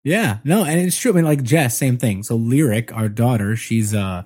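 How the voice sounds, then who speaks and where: A man in his thirties telling family stories in casual, animated conversation, swearing freely. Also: mid-range voice, moderate pace, breathy edge. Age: 30s.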